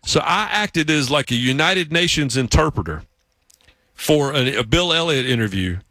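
A man with a Southern US accent, hosting a sports radio show and telling stories in a lively, casual way. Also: a little high, moderate pace, no room sound. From South Carolina, US South. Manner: animated, acts out voices in stories.

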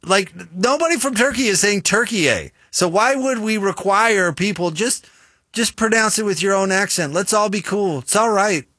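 A man with a Utah American accent, a sports radio host in casual on-air banter, chatty and animated when making a point. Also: high-pitched, moderate pace, no echo, studio quality.

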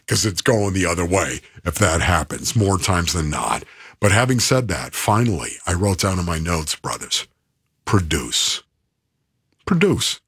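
A man co-hosting a casual sports talk show, animated and coach-like, laying out his points. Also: low-pitched, slightly rough, no echo, studio quality. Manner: animated, coach-like, mimics voices. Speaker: co-host.

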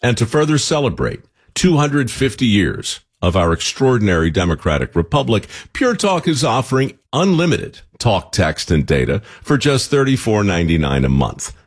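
A man's voice: fairly low pitch, sing-song, moderate pace. A man reading a radio ad in a wry, conversational way. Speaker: ad narrator. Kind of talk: read radio ad.

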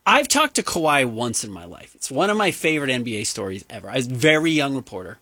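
A man's voice: mid-range voice, sing-song, quick pace, bright, forceful tone, breathy edge, no room sound. A man co-hosting a sports radio show, making wry quips and telling a story from his reporting days. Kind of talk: casual sports radio banter.

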